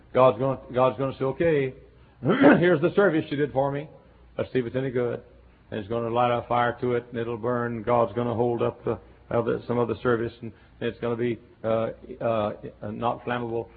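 A man preaching a folksy revival sermon that swings between quiet, chatty asides and loud shouting. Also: mid-range voice, slight background noise. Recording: tinny lo-fi sermon tape.

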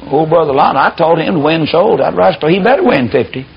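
A man's voice: fairly high pitch, animated, moderate pace, gravelly, slightly rough. A man preaching a sermon, telling the story in a folksy, fiery way. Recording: dull lo-fi recording.

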